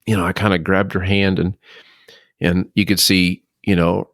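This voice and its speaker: A middle-aged man speaks low and deep as he recounts a personal loss on his podcast. He talks haltingly, restarting often, his voice full of feeling. The sound is close and dry, with no room echo. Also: flat delivery. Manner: halting, emotional, many restarts. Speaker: podcast host. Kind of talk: personal storytelling.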